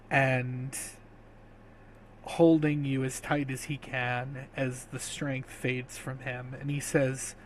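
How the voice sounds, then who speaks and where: A man narrating as game master in a tabletop game, measured and sometimes hesitant. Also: medium pitch, a little hiss or hum. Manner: slow, measured narration with fillers.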